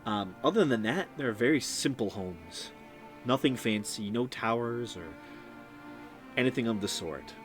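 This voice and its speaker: A man's voice: medium pitch, expressive, measured pace, music in the background. Man narrating as game master. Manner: descriptive, with many ums and restarts. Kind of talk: narrating a tabletop game on a live stream.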